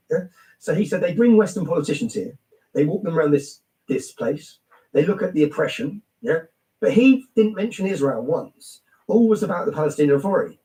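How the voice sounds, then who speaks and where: A man's voice: on the high side, warm tone. A middle-aged man, a guest telling a story in a blunt, emphatic way and tagging his lines with "yeah?". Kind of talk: animated storytelling in conversation. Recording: roomy, distant mic.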